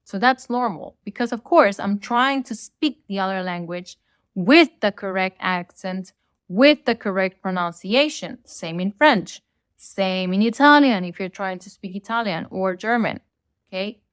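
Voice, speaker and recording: A woman's voice: medium pitch, animated, unhurried, smooth, no room sound. Blunt Latina woman ranting, dry sound. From Latin America. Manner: blunt, opinionated ranting with casual swearing. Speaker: podcast host. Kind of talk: solo rant podcast.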